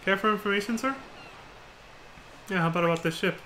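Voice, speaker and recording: An earnest young sidekick, eager and polite, answers in a high, bright voice, as a man reads his game lines. A faint hiss sits under him. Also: brisk. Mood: helpful. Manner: earnest, tags sentences with "sir".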